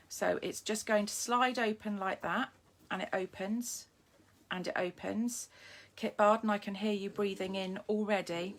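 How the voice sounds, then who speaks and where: Bubbly woman demonstrating papercraft live. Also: medium pitch. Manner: bubbly and eager, with frequent ums and restarts; greets viewers by name as they join. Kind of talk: chatty live craft demonstration. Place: home craft desk. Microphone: phone or camera streaming live.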